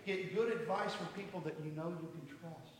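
Middle-aged male pastor, sermon, high bright voice, booming echo from a distance. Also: moderate pace, a little hiss or hum. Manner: earnest, asks the room rhetorical questions. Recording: echoey hall from far off.

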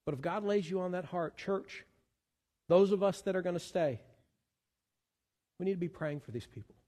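A man's voice: high voice, normal speed, warm tone, in a large hall. A man preaching a sermon as pastor, earnest and given to repeating words as he searches for the next one. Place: church sanctuary.

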